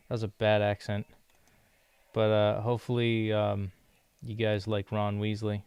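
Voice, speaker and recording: A man's voice: on the low side, completely flat delivery, unhurried, long pauses, darkish tone, smooth, no echo. A young man from the United States chatting casually in a rambling way, laughing often while he works through language lessons. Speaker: vlogger learning a language. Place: living in Brazil.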